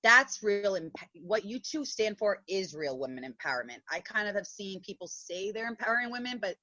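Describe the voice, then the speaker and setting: A woman's voice: mid-range voice, big pitch swings, moderate pace, sharp tone, dull audio. A woman guest comedian from Long Island, talking in a casual podcast chat, gushing and emotional, often laughing and tearing up. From Long Island, New York.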